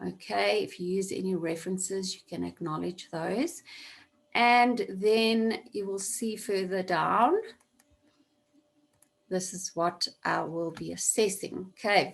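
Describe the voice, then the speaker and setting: Over a video call, a woman teaches an online class, walking through a task step by step and repeating key points for emphasis. Her medium-pitched voice has some vocal fry, and it's captured on a computer mic.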